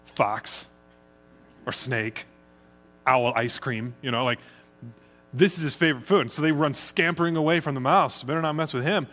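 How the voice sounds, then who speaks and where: A man's voice: medium pitch, moderate pace, long pauses. A middle-aged man from the United States, preaching a conversational sermon as pastor. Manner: conversational, chatty, speeds up when excited.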